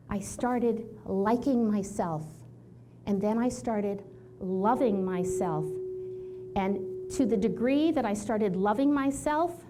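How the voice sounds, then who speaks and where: A chiropractor in her sixties giving an animated storytelling talk to an audience, acting out the people she quotes. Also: medium pitch, slight background noise. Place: event hall with audience.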